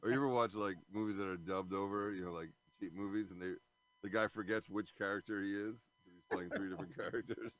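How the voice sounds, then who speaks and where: A man's voice: lowish voice, steady tone, fast talker, fairly bright tone. A man chatting casually while watching a film, cracking wry jokes. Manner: joking, wry asides.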